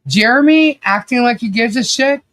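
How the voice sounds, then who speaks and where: A man with a notably high voice runs a casual livestream commentary. He rants bluntly and swears freely. Between points he reads out viewer chat comments, keeping an offhand, conversational tone. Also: moderate pace, fairly bright tone, no room sound.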